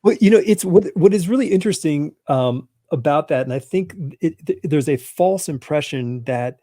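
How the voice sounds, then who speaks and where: A man's voice: fairly high pitch, lively intonation, normal speed, dark tone, no echo, clean studio sound. A man hosting a casual podcast chat, telling stories with bursts of emphasis and frequent restarts. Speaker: podcast host.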